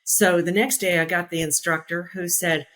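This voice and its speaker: A woman in her sixties, once a naval aviator, speaks at a moderate pace in a voice on the low side. As an interview guest she tells casual, lively stories from her military flying career, acting out what people said and laughing easily.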